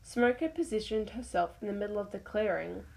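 A woman's voice: medium pitch, fairly quick, creaky, a little mellow, poor audio. Woman, reading own story aloud, plain delivery, occasional stumbles. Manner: stumbles over words and restarts.

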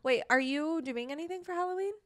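A woman's voice: high-pitched, a bit bright, dry recording, studio quality. A young woman co-hosting a podcast, telling stories in casual chat full of swearing and fillers. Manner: swearing, fast storytelling with lots of fillers. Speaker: podcast co-host.

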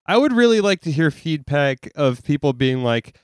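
A man's voice: fairly high pitch, sing-song, normal speed, smooth, dry recording, studio quality. A man co-hosting a podcast in casual chat, wry and cutting in with short remarks. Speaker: podcast co-host.

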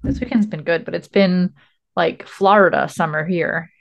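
A woman's voice: fairly low pitch, normal speed, gravelly, dull audio. A woman co-hosting a podcast, chatting casually and laughing often as she rambles through explanations. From Rhode Island. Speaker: podcast co-host. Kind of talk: casual chat.

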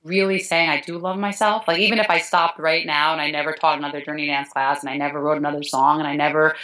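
Low-voiced earnest middle-aged woman. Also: level tone, fast, fairly bright tone, poor audio. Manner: earnest, tearful at moments, restarts often. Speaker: guest, dance teacher. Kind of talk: emotional interview talk.

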